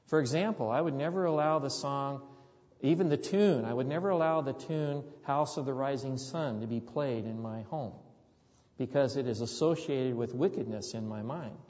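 A man's voice: medium pitch, moderate pace, darkish tone. A man preaching a sermon, telling a story earnestly and often repeating his words. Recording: dull sound with long hall reverb.

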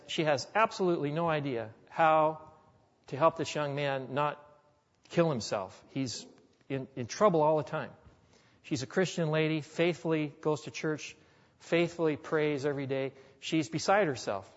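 A man's voice: on the high side, normal speed. A male pastor preaching a sermon, telling stories in a folksy, conversational way. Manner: storytelling, folksy. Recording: echoey hall, dull lo-fi sound.

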